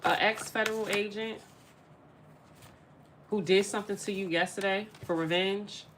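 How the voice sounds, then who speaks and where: A woman's voice: fairly low pitch, fairly bright tone. Emphatic woman giving a tarot reading. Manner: emphatic, repeats phrases, addresses viewers directly. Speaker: tarot reader. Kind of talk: casual spiritual reading to camera.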